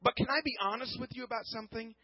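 A man preaching a sermon, telling a personal story earnestly, often repeating words and swinging from hushed to loud. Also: extremely high pitch, fairly even intonation, racing, breathy edge, no echo, dull audio. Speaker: pastor.

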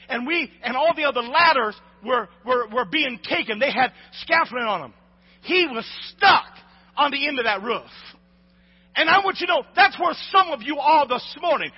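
A man preaching a sermon to a congregation, calling for responses and shouting at the peaks. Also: very high-pitched. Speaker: pastor. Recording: lo-fi recording with long hall reverb.

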